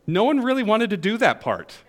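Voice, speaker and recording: A man's voice: sits high, brisk. A male pastor with a Southern US accent preaching a sermon, joking with the congregation. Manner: animated, jokes with the congregation.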